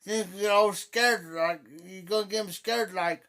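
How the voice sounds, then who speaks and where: A middle-aged livestream host telling a story in a casual way, repeating phrases and acting out quoted speech loudly. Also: medium pitch, normal speed.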